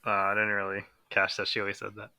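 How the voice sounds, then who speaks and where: A man's voice: fairly low pitch, completely flat delivery, quick pace, pushed and bright, clean tone, no room sound. A man co-hosting a casual manga chat, laid-back and given to short remarks. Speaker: podcast co-host.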